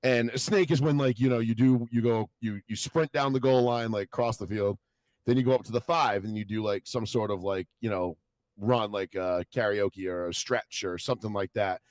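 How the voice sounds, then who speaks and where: A young man co-hosting a podcast, rambling through stories in casual chat, swearing a lot and acting out what people said in lively voices. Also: fairly low pitch, normal speed, no room sound. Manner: rambling storytelling, heavy swearing, animated quoted voices. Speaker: podcast co-host.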